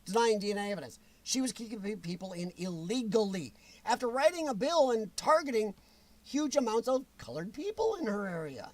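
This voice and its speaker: A man with a high-pitched voice hosts a livestream talk show. He rants bluntly and answers viewer comments. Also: big pitch swings, brisk, a little mellow. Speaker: show host reading chat.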